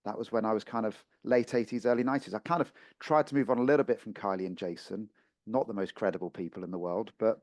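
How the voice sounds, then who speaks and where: Chatty fifty-year-old radio host. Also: male voice, lowish voice, quick pace, darkish tone, no room sound. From Portsmouth, England. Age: 50s. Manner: chatty, with frequent fillers. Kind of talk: local radio interview.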